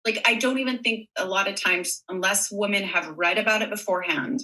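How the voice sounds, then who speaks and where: A woman's voice: medium pitch, brisk, bright, forceful tone, recorded from a distance, poor audio. A woman in her thirties speaking frankly and openly as a podcast guest, swearing casually. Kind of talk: candid podcast conversation.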